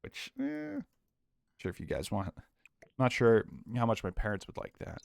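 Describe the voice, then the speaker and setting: A gaming YouTuber gives rambling let's play commentary from a small home office, chatting to viewers and his dog. He's a young man with a fairly quick, low-leaning voice and no room sound.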